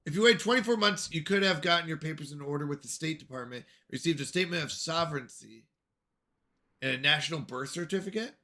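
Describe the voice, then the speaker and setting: An American man chats casually on a gaming livestream, drifting from topic to topic as he replies to viewers. His voice sits high and sounds bright and forceful. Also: quick pace. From United States. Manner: rambling, answers chat questions aloud. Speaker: streamer.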